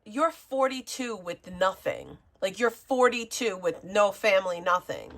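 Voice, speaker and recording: A woman's voice: mid-range voice, lively intonation, measured pace, a bit bright. A woman in a heated livestream argument who hurls insults and name-calling.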